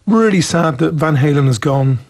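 A man's voice: fairly high pitch, expressive, normal speed, a little mellow. A man from the south of England with a southern English accent, co-hosting a radio show and chatting about English with bits of Polish. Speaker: radio co-host teaching English. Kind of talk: bilingual radio chat. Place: radio studio.

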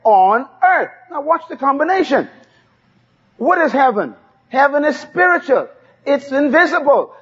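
A man's voice: very high-pitched, big pitch swings, unhurried, fairly bright tone. A man preaching a sermon, emphatic and repeating key phrases for the congregation to say back. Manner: emphatic call-and-response preaching. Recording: dull lo-fi sermon tape.

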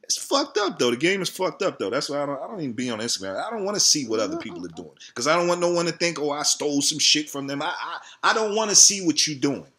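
A man's voice: on the high side, very animated, fast talker, few pauses, sharp tone, breathy edge. A man, ranting heatedly and profanely in a casual vlog about his channel. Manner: profane, heated, repetitive venting. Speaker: video creator.

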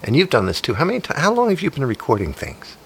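A man in his fifties hosting a comedy podcast, rambling excitedly and joking. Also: a little high, quick pace, vocal fry, slight background noise. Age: 50s. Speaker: podcast host.

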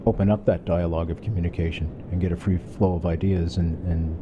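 A man's voice: fairly even intonation, quick pace. A man hosting an interview who backs his guest with short agreeing remarks. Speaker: host. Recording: dull lo-fi with vehicle rumble.

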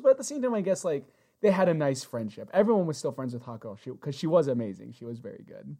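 A woman's voice: on the low side, sing-song, fast talker, mellow. A woman co-hosting a podcast in casual chat, playful and sarcastic. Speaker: podcast co-host.

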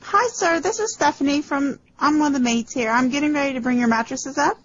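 A woman's voice: high-pitched, brisk, fairly bright tone. A woman posing as a hotel maid in a prank phone call, brash and impatient. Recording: lo-fi phone line.

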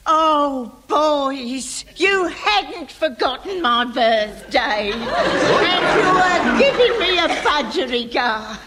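A fussy older landlady in a radio sitcom, bossy but sentimental. She speaks slowly and genteelly, high and swooping, with a faint crowd behind her. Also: sing-song, heavily acted. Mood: delighted.

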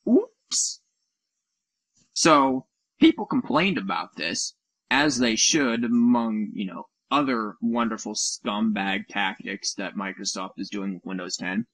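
A man's voice: on the low side, measured pace, fairly bright tone, slightly rough, dry recording, rough recording. Man, casual podcast co-host, mocking and sarcastic, dead-dry computer mic. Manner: sarcastic, mocking with silly put-on voices, swears. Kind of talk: casual chat over a call. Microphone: computer mic on a voice call.

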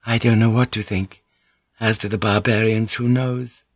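A man's voice: fairly low pitch, little pitch movement, normal speed, no room sound, natural voice. A man voicing a polite, tactful young courtesan with a soothing, diplomatic manner.

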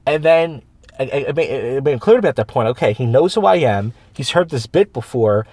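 A man hosting a casual podcast, talking at a quick clip through long, winding stories. He keeps restarting sentences and slips into quoted voices of other people. The sound is close and dry, with no room around it. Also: medium pitch, lively intonation, a little mellow, no echo. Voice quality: rambling storyteller with many restarts and quoted voices. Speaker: podcast host, open mic comedian. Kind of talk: casual chat. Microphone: studio microphone.

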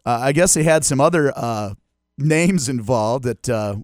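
A man hosts a sports radio show from a studio, chatting and joking in a rambling, casual way and laughing quickly. His medium-pitched voice is animated. The studio microphone picks up no room sound.

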